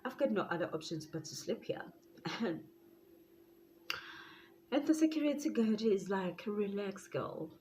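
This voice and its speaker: A South African woman telling a story to camera in a casual vlog. She is animated, laughs often and slips into Zulu phrases. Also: mid-range voice, measured pace, pauses often, slight background noise, rough recording. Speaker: YouTuber.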